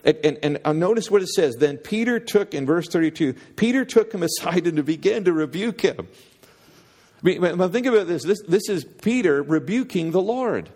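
A man's voice: high-pitched, expressive, moderate pace, darkish tone, in a large hall. A man preaching a sermon, earnest and conversational, often repeating words as he builds toward a point. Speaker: pastor.

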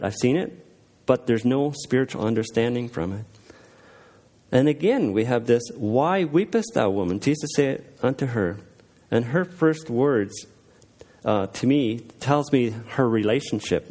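A man with a mid-range voice gives a plain devotional talk, reading scripture aloud and reflecting on it. He speaks earnestly and without polish, pausing often with small fillers. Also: mid-range voice, a little mellow. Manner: earnest, unpolished, with frequent pauses and fillers. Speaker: lay speaker sharing a devotional.

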